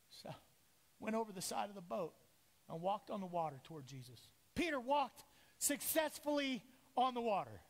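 A middle-aged pastor delivers an animated sermon in a high, expressive voice that leaps up and down as he acts out the voices of the people in his story. He preaches in a church sanctuary, and his voice carries with a long reverb. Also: moderate pace.

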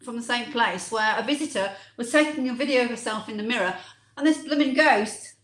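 A woman's voice: a little high, a bit bright. Playful woman in an echoey room. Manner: playful, quick to laugh. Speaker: co-host. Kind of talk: casual chat.

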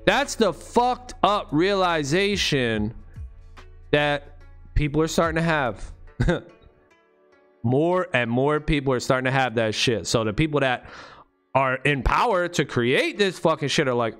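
Brief: an emphatic, profane man ranting with street slang, speaking a little high, with faint music behind him. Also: expressive, a little slow, fairly bright tone, clear, resonant tone. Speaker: vlogger. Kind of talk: casual ranting monologue.

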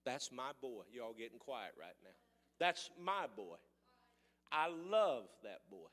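A man with a Missouri accent preaching a sermon in folksy rural speech, swinging from quiet storytelling to shouted preaching. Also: mid-range voice, very animated, a little slow, long reverb tail.

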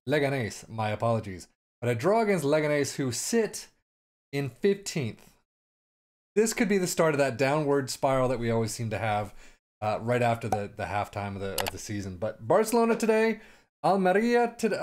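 A man's voice: fairly high pitch, a little mellow. A man casually commenting on his own soccer management game, sarcastic and rambling, sometimes slipping into a mock announcer voice. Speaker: gaming commentator.

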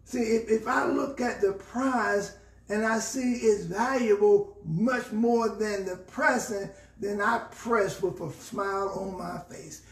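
A man's voice: high voice, reverberant, distant mic. A man with a Southern US accent, a pastor teaching a Bible study and preaching, repeating phrases for emphasis. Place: church.

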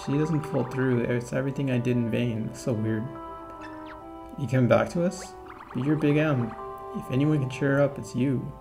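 A man's voice: mid-range voice, steady tone, moderate pace, vocal fry, over music, close to an everyday voice. A man voicing the ghost of a loyal bomb friend in a video game, with an earnest, encouraging read.

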